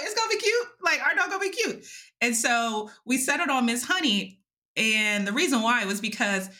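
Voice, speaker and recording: A woman podcast host casually telling a story, animated and laughing often, acting out what people said, with loose swearing and fillers. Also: mid-range voice. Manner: animated, laughing, acts out quotes.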